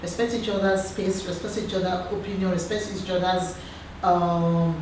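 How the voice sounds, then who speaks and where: A woman in her thirties with a Nigerian accent, chatting earnestly as a guest and giving advice in a lively, storytelling way. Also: lowish voice, normal speed. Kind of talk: casual chat. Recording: roomy echo, far from the mic, background noise.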